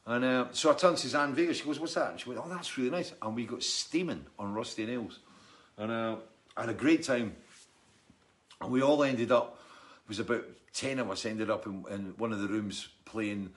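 Speaking at a normal pace in a mid-range voice, a middle-aged musician chats casually on a live stream. He reads out viewer comments and tells rambling stories, staying chatty and jokey.

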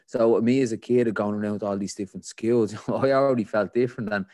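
Low-voiced Dublin man telling his story. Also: fairly even intonation, a little fast, darkish tone, dry recording, clean studio sound. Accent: Dublin Irish. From Ireland. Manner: rambling, full of "like, you know" fillers. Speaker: podcast guest. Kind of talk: candid personal storytelling.

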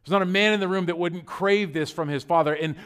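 High-voiced man preaching with dynamic swings. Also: quick pace, smooth. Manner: storytelling with sudden loud bursts and quiet, intimate drops; conversational with fillers like "like" and "you know". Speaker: pastor. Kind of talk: sermon.

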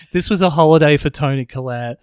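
A man's voice: a little high, moderate pace, darkish tone, smooth, no room sound, clean studio sound. A man co-hosting a casual film review podcast, emphatic and jokey and swearing often. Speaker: podcast co-host.

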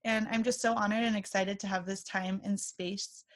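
A woman in her thirties hosting a podcast, telling a story in a chatty, warm way with fillers. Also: mid-range voice, steady tone, normal speed. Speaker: podcast host. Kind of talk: casual chat.

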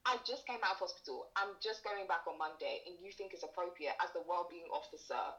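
Young woman, lower voice, slightly muffled sound, candid storytelling. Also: a little fast, fairly bright tone. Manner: candid storytelling with reenacted quotes. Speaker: guest. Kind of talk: casual conversation.

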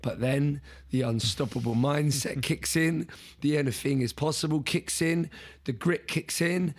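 A man telling a story as an interview guest, in a casual, animated way, repeating words and restarting sentences. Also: fairly high pitch, measured pace, slightly rough.

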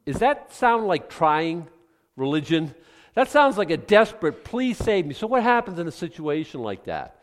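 Animated preacher man in a reverberant hall. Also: a little high, normal speed. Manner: animated, swings from hushed to loud exclamations. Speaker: pastor. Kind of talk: sermon.

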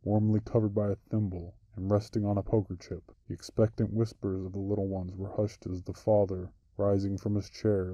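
A man narrating short stories in a steady, even audiobook reading. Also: lowish voice, no echo, dull audio. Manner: steady, even storytelling delivery.

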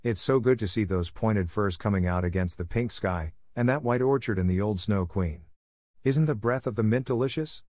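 A man reading the lines of a bright, ambitious teenage girl in an audiobook, in his own low voice. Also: normal speed, no echo, clean studio sound, close to an everyday voice. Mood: eager.

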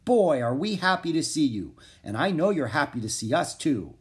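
A man's voice: mid-range voice, big pitch swings, moderate pace, pitched above the performer's own voice. A man reading a children's storybook aloud, voicing an eager, upbeat young girl in a raised voice. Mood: cheerful. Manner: upbeat, coaxing, confident.

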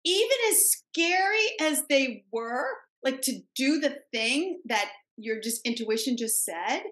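An older woman, a grandmother, talking as a guest in a reflective, halting way with frequent restarts. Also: high voice, expressive, fairly bright tone, echoey room, low-quality recording. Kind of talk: casual spiritual conversation.

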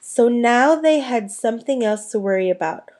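Woman, storybook narration, steady unhurried reading, mellow warm voice. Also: a little high. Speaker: audiobook reader.

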